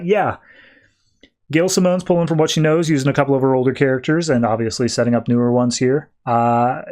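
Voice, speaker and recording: A man's voice: medium pitch, darkish tone. A man hosting a podcast, casually reviewing comic books in a rambling way with many fillers. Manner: rambling, filler-heavy recap. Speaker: podcast host.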